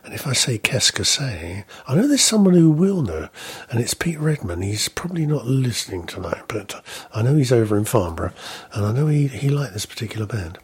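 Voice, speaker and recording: A man presenting a casual local radio show from the studio, chatty and self-deprecating, his voice a little rough at the moment. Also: mid-range voice, sing-song, a little fast. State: slightly rough voice.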